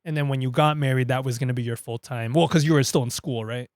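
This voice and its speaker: A man's voice: medium pitch, fast talker, a little mellow, no room sound, studio quality. A man hosting a casual podcast, asking his producer curious follow-up questions. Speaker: podcast host. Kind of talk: casual interview chat.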